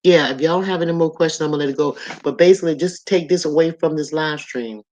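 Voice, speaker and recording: A woman's voice: low voice, fast, darkish tone, a little hiss or hum. Chatty woman in her sixties streaming live. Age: 60s. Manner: chatty and loose, addressing viewers directly. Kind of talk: casual live stream chat, reading viewer comments.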